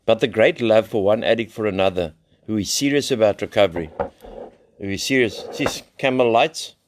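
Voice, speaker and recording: A man's voice: on the low side, moderate pace, background noise. A middle-aged South African man, founder of a recovery center, sharing his story in a loose, rambling way, blunt and full of slang and swearing. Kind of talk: live recovery share, casual storytelling.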